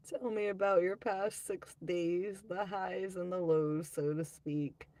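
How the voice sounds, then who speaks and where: Reading out comments from viewers, a woman running a livestream chats offhandedly and rambles, often laughing at herself. Her voice is lowish and a little mellow.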